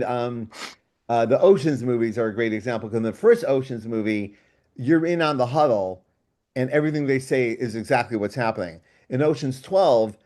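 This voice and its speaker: A man, a writer and guest on a book club show, talking over a video call in a casual discussion, enthusiastic and thinking out loud in long digressions. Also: mid-range voice.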